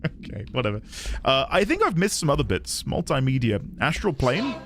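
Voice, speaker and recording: A British man streaming a video game, chatting to viewers in an animated, self-mocking way. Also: a little high, normal speed, music in the background. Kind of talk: gaming commentary.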